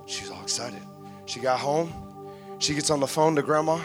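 A male pastor preaching a sermon in a church, calling out to the congregation and building up to shouts. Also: fairly high pitch, normal speed, music in the background.

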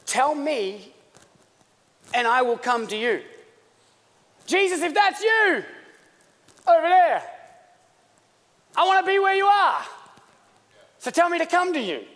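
A man's voice: extremely high pitch, animated, moderate pace, fairly bright tone, big-room sound, pitched above the performer's own voice. A man voicing an eager adult male disciple who pleads to be near his teacher, his voice rising and insistent. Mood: eager pleading.

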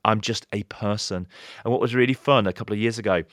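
Brief: low-voiced pastor, animated storyteller, dry close sound. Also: male voice, fast, no echo. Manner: animated storyteller, voices quoted people with pitch jumps. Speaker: pastor and author, podcast guest. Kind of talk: casual podcast interview.

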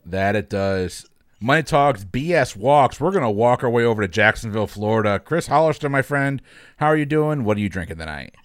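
A man's voice: medium pitch, expressive, a little fast, clean tone, no room sound, studio quality. A man hosting a casual podcast chat, joking and greeting each guest by name. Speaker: podcast host.

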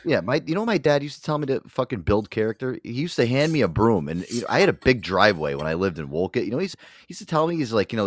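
Male podcast host, rapid, swooping delivery, foul-mouthed joker, close dry mic. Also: mid-range voice, sing-song, no room sound. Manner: profane, joking storyteller. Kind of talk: casual chat.

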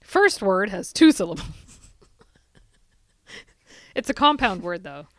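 On a casual podcast, a woman co-hosts as quizmaster, teasing and laughing while she reads out the questions. Her mid-range voice is very animated yet slow, captured in a dry, clean studio recording.

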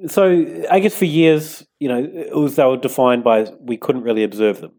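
A man's voice: medium pitch, fairly even intonation, normal speed, darkish tone. A man, co-hosting a casual podcast, easygoing and hesitant, with lots of "like" and "um". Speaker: podcast co-host. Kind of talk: casual chat.

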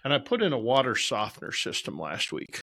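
A man's voice: mid-range voice, wildly swooping pitch, fairly quick, sharp tone. A man casually telling rambling, profane stories about his work and poking fun at himself as a regular on a talk show. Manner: profane, rambling, self-deprecating. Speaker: podcast regular. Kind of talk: casual storytelling.

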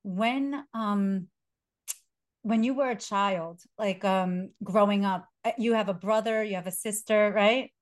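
A woman's voice: medium pitch, a little slow. A woman hosting an interview, speaking earnestly and with emphasis, with some fillers. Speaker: host. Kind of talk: emotional interview talk.

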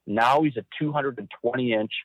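A man tells a hunting story with intensity, acting out the voices in it. His sound is thin and phone-like, and the voice is close and dry. His pitch sits in the middle range. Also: a little fast, no echo. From Saskatchewan, Canada. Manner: intense, vivid, acts out quotes. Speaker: guest hunter. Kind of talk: animated storytelling. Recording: tinny phone-like line.

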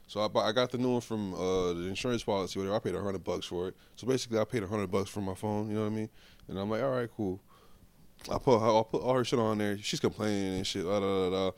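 A man from Florida co-hosting a casual podcast, telling profane stories with animated quoted asides. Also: on the low side, fast talker, no room sound. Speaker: podcast co-host. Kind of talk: casual chat.

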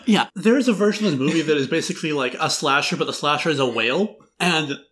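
Brief: man in casual film podcast talk, wry humor, somewhat high-pitched, loose rambling delivery. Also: lively intonation, fast, a bit bright. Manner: wry, rambling, laughs through jokes. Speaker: podcast host. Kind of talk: casual film review chat.

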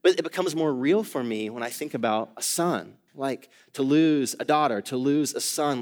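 A man preaching a sermon as pastor in a church, earnest, repeating and restarting phrases, his voice swelling louder and higher at the peaks and dropping quiet between them. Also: normal speed, hardly any pauses. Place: church sanctuary.

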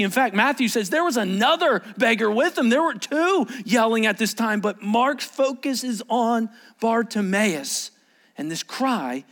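Animated male pastor preaching. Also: high voice, moderate pace. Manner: animated, acts out shouted quotes. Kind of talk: sermon.

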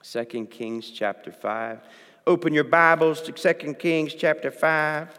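Preaching and reading from the Bible, this man speaks a little slowly in a fairly high, smooth, slightly bright voice with a steady tone. His style is conversational, and he repeatedly asks his audience "okay?" to check in. A long reverb from the hall fills the recording.

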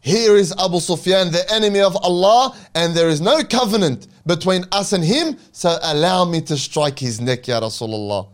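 A fierce, zealous warrior speaks with forceful indignation, as a preacher reads his words. The man's voice is slightly high and pressing. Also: expressive, normal speed, hardly any pauses.

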